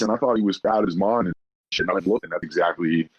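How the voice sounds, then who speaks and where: A man's voice: sits low, very fast, slightly rough, dry recording, dull audio. A man co-hosting a podcast, chatting loosely and swearing freely. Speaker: podcast co-host. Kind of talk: casual chat. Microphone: online call recording.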